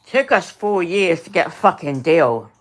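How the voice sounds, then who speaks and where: Woman, middle-aged, livestream host, slow deliberate delivery, angry sweary rant, repeats herself, talks to chat. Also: lowish voice, sing-song.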